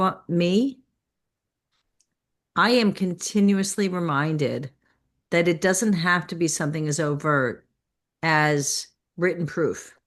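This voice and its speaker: A woman in a class who has a cold, thoughtfully building her point with examples. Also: fairly low pitch. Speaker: class participant.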